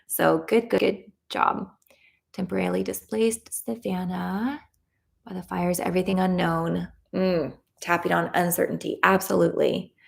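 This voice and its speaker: Casting: low, gravelly woman, soothing tapping-session guide, warmly affirming. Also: fairly even intonation, normal speed. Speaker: EFT tapping practitioner leading a live session. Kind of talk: guided tapping script, then reading live chat. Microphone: livestream camera mic.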